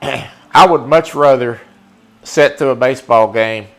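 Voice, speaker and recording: A man's voice: mid-range voice, measured pace, creaky. A man giving casual, folksy live-stream commentary while playing a baseball video game and chatting with viewers. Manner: folksy, chatty, talks to the chat.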